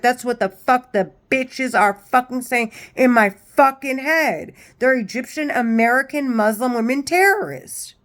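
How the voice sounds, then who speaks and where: A woman with a fairly high voice talks straight into her camera in a loose, rambling vlog. She is agitated and swears constantly, circling back and restarting her sentences. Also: measured pace, few pauses. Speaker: vlogger. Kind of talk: casual rambling monologue.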